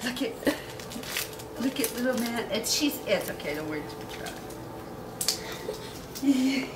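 A woman cheering a baby on in a home video, with high sing-song baby talk and laughter, recorded on a camcorder in a family home. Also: lively intonation, normal speed. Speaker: family member filming a baby. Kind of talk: excited home video chatter. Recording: echoey room, distant mic, background noise.

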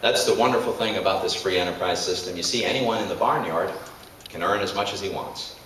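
Man playing a government agent, smug, patronizing, smooth, lowish voice. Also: fairly quick, a bit bright, very echoey, distant mic, slight background noise, low-quality recording.

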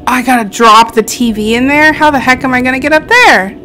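A woman's voice: high-pitched, fairly quick, bright, forceful tone, a little hiss or hum. A woman streamer giving chatty, jumpy let's play commentary, talking to her viewers and shrieking when startled. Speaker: gaming streamer.

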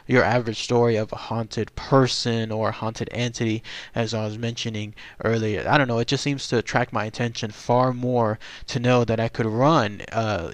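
Casual ghost-story host, a man, rambling with many fillers, dry close sound, mid-pitched. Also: no echo. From Texas. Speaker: channel host. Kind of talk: casual unscripted storytelling monologue.

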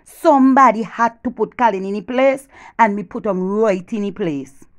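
Speaking at normal speed with a medium pitch, a Jamaican-accented woman performs a comic one-sided phone call. She gossips animatedly, swinging from loud boasts to hushed whispers.

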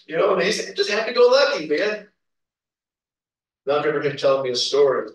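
Animated male preacher, somewhat high voice, echoey church sound. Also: brisk, muffled recording. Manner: animated storytelling with laughs and acted quotes. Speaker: pastor. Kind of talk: sermon. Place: church sanctuary. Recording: roomy echo, from a distance.

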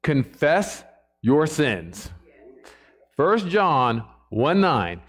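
Chatty male preacher, slightly high voice. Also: sing-song, extremely slow, a bit bright, husky. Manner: conversational, often checks in with the congregation. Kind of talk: sermon. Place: church.

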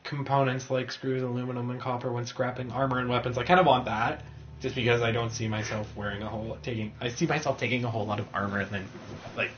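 A man's voice: medium pitch, steady tone, quick pace, fairly bright tone, dull audio, slight background noise. A man playing a video game with a friend, chatting casually and reading menu text aloud. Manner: chatty, reads game menus aloud, self-mocking. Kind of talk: casual let's-play commentary.

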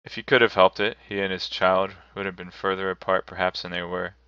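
A man narrating a classic, crisp and bright. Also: sits low, flat delivery, a little fast, no room sound, dull audio. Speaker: streamer reading aloud. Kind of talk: live narration of a classic novel.

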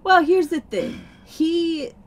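A woman's voice: very high-pitched, expressive, takes it slowly. A woman co-hosting a podcast, chatting in a blunt, joking, profane way. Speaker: podcast co-host. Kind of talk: casual chat.

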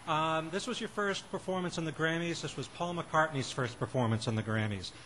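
Man, reporter, higher voice, faint noise, distant. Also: fairly quick, fairly bright tone.

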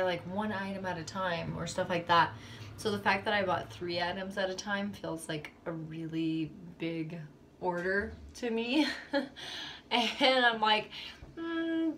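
A woman's voice: fairly low pitch, fairly bright tone, a little hiss or hum. Chatty young woman vlogging casually. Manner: chatty, rambling, fillers and self-deprecating laughs. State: shivering with cold. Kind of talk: casual chat.

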